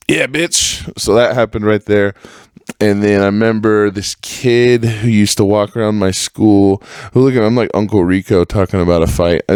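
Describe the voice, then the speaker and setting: This solo podcast host has a fairly low, clean-toned voice and spins old stories in a loose, rambling, foul-mouthed way. Quoting other people, he does their voices with real animation, all captured in a dry, clean studio recording.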